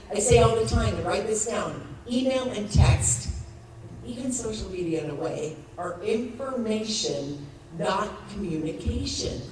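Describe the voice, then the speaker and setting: The speaker is a network marketing woman in her sixties giving a motivational stage talk to an audience in a large event hall, her voice mid-range. Telling a lively story, she acts out the people in it and laughs a lot. Sound is echoey, from a distant mic, with crowd noise.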